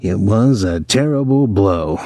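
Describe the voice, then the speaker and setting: A man voicing a defiant teenage boy who answers with calm, mocking sarcasm. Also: fairly low pitch, a little slow, vocal fry, no echo. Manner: mocking, placid, dry sarcasm.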